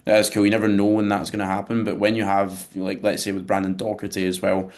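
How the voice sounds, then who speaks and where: Deep, gravelly, monotone male coach; relaxed podcast chat. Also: fast. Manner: conversational, sprinkles in casual swearing. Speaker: physique coach, podcast co-host. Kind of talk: casual chat.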